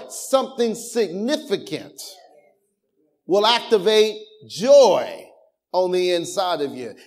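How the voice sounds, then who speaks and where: High-voiced preaching pastor, animated. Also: male voice. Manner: animated preaching with call-and-response, laughter and shouts; informal speech, restarts and repetitions. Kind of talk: sermon.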